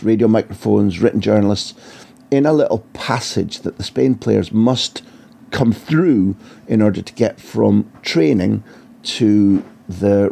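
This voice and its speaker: Gravelly football journalist. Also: male voice, lowish voice, warm tone. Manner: vivid, anecdotal, with frequent restarts. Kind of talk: storytelling interview answers.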